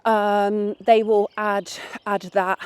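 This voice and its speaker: A woman's voice: mid-range voice, level tone, slow pace, clean tone, dry recording. A woman vlogging in a candid, rambling way, with restarts, while out walking her dog. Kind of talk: casual chat. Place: outdoors on a path.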